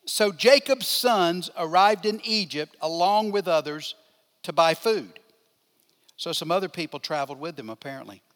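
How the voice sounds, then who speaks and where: An older man teaching a Bible lesson in a high, light voice. He talks in a conversational way, asking his listeners questions and taking up their answers. His voice rings out with a long reverb in a large church hall. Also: a bit bright. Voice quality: asks the listeners questions and responds to them. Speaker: pastor teaching a Bible class.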